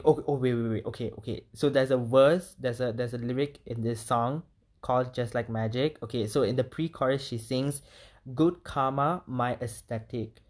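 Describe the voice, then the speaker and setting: A woman, casually reviewing an album, animated and swearing, breaking into short sung lyrics. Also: very deep voice. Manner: animated, swearing, sings lyric snippets, laughs often. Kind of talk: casual vlog chat.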